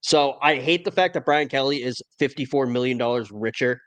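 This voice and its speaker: A man's voice: mid-range voice, brisk, a bit bright. A man hosting a casual college football podcast, talking in a wry, opinionated way. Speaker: podcast host. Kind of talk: casual sports talk.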